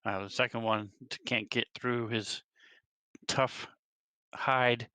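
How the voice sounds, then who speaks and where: Crisp bright-voiced man calling his turn. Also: medium pitch, fairly even intonation, takes it slowly, no echo. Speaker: player. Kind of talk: declaring actions in a tabletop game.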